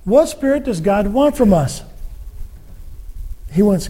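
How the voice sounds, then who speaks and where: A man preaching a sermon on a Bible book, animated and acting out the words of the people he quotes. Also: high voice, slow pace, slightly rough. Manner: animated, acts out quoted speech.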